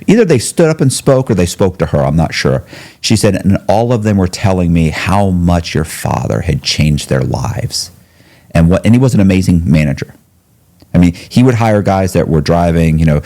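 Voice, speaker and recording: A middle-aged man telling a long personal story as a podcast guest, acting out the voices of the people he quotes. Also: deep voice. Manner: animated storyteller who acts out quoted voices.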